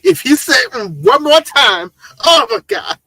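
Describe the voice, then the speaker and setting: A man's voice: very high voice, very animated, unhurried, pushed and bright, no room sound, voice pushed up, exaggerated voice, rough recording. A man putting on the voice of an exasperated young woman with a whiny valley girl manner.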